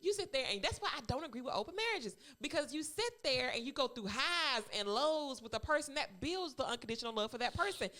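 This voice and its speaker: A woman's voice: high-pitched, animated, quick pace, few pauses, sharp tone. A woman co-hosting a podcast, ranting in casual chat, sassy and repeating herself for emphasis. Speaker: podcast co-host.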